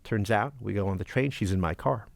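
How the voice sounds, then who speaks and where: A man co-hosting a podcast, telling a story in casual chat as an animated storyteller who acts out the people he quotes. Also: on the low side, fairly quick, creaky. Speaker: podcast co-host.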